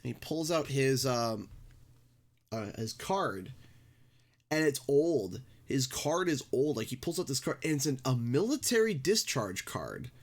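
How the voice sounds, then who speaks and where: A young Canadian man live-streaming, telling a rambling, animated anecdote full of restarts. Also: mid-range voice, a little slow. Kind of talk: casual live-stream storytelling. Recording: game music playing underneath. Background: game music.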